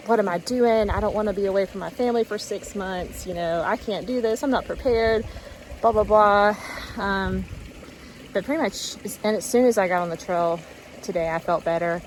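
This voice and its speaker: A woman's voice: on the low side, noisy background. A woman chatting casually in a trail vlog, upbeat and full of fillers, recorded outdoors on a phone. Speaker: thru-hiker vlogger.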